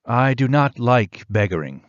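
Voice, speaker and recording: Sad old afghan farmer speaking halting broken english, as a narrator voices him, dry kinda dull audio. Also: male voice, medium pitch, big pitch swings, no room sound. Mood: weary, sad. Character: poor older Afghan man, former farmer, sad and quiet.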